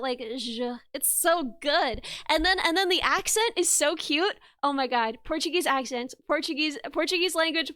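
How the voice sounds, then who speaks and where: Very high-voiced giggly young woman streamer. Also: pushed and bright, dry recording, studio quality. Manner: rambling, giggly, playfully apologetic. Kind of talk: casual chat with viewers.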